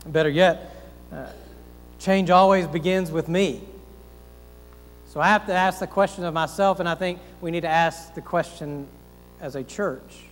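A man's voice: a little high, steady tone, a little slow, long pauses, in a large hall, poor audio. A man pastor preaching a sermon, earnest and folksy, asking rhetorical questions and making self-deprecating asides.

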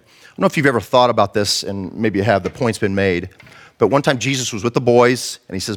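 A male pastor delivering a sermon in an impassioned, conversational manner. He slips into acted-out quotes as he tells his stories. His voice sits at an ordinary middle pitch. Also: expressive, brisk.

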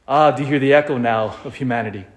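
A man preaching a sermon and telling the story dramatically, dropping to a hush and then rising loud. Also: mid-range voice, quick pace. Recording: echoey room.

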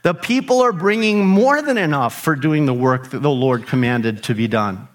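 A man's voice: fairly high pitch, animated, normal speed. A middle-aged man preaching a sermon as pastor, emphatic, with rhetorical questions and rising emphasis on key phrases.

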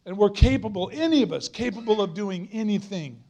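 High-voiced earnest male preacher. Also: animated, fairly quick, mellow. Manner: earnest, emphatic, repeats phrases for stress. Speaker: guest preacher. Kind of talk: sermon.

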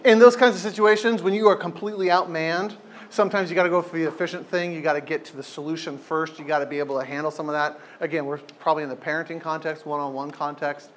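A man leading an informal group talk, animated and emphatic, often repeating phrases for effect. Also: a little high, fast talker, slight background noise.

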